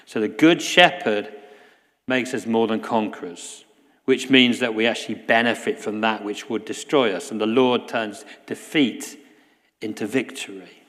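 A man preaching a sermon in a church, earnest, often dropping to a soft hush. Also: fairly low pitch, a little slow, long reverb tail. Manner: earnest, drops to a soft hush at key lines. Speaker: guest preacher.

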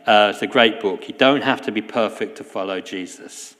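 Earnest preacher in a reverberant church. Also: male voice, fairly low pitch, normal speed. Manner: earnest, drops to a soft hush at key lines. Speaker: guest preacher. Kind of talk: sermon.

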